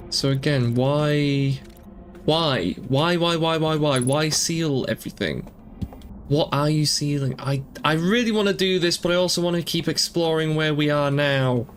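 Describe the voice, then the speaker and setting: Thinking aloud as he plays through a game, this male gaming streamer fires off question after question, earnest and emotional, in let's play commentary. He speaks unhurriedly in a voice that's a little high, with faint music behind him.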